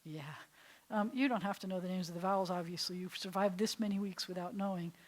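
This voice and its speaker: Her voice is on the low side and she talks fast. She's a rabbi teaching a small class in a classroom, chatty and step by step, regularly putting questions to her seated students.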